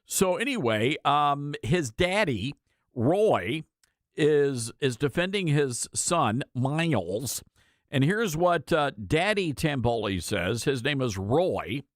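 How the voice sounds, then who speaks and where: A man hosting a talk radio show from a studio, mocking and sarcastic as he reads quotes aloud. His voice sits slightly high and swings widely in pitch. The sound is dry and close on the mic. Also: sing-song, takes it slowly, no echo. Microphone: studio microphone.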